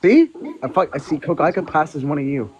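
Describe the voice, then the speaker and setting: A man's voice: fairly high pitch, animated, quick pace, darkish tone, lo-fi sound. Joking, profane man on a voice call. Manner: joking, profane, laughs often. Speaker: livestream co-host. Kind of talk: casual group chat.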